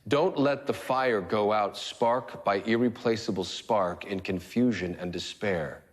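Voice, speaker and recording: Low husky rebel leader guy, slow solemn film speech. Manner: solemn, measured, declamatory. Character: defiant male rebel leader addressing a nation.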